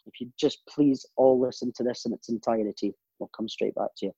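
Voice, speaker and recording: A man's voice: mid-range voice, fairly even intonation, a little fast, warm tone, breathy edge, no room sound, muffled recording. A man giving an earnest, emphatic personal monologue as host, with profanity and stumbles.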